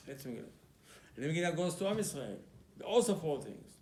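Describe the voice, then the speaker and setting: A man's voice: on the high side, sing-song, fast, dark tone. A man giving a sermon as a rabbi, telling the story emphatically and acting out exchanges between biblical figures. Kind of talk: Purim sermon. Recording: echoey room.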